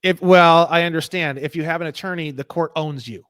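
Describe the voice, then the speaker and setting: A man in a casual interview, talking in an animated, profane, ranting way. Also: fairly high pitch, brisk, smooth, no room sound. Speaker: guest.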